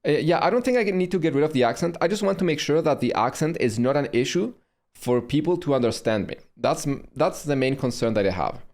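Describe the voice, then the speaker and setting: A man's voice: a little high, animated, a little mellow. German-accented man chatting on a stream. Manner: halting, with frequent pauses and restarts. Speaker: streamer reacting to his own video. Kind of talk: casual stream commentary.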